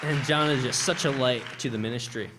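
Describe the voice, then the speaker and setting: An earnest young man shares a testimony during a church service. He speaks from the heart at a middle pitch, often restarting his sentences as he goes. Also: a little fast, over a noisy crowd, heavy background noise. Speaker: campus ministry speaker.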